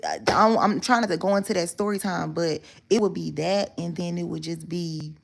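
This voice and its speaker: A woman with a low voice and a gravelly edge rambles through a personal story for her viewers. She talks candidly and swears freely, circling back and correcting herself as she goes. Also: fairly quick. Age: adult. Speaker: vlogger telling a story. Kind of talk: casual story time monologue.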